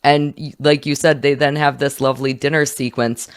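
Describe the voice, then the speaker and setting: A woman's voice: rumbling low, flat delivery, normal speed, smooth. A woman hosting a casual film-review podcast, talking animatedly and acting out quotes.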